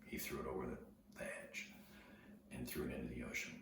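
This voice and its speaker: A man with an extremely deep, low voice talks to his viewers in a loose, earnest storytelling way. He often sinks to a hushed near-whisper and repeats his words. The recording is very echoey, and he sounds far from the mic. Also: completely flat delivery, brisk. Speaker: video host. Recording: very echoey, distant from the mic, noisy ambience.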